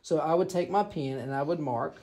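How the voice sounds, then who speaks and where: A woman's voice: deep voice, brisk, warm tone. A woman, teaching a physical exam to a class and checking in with her students as she demonstrates. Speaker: clinical instructor.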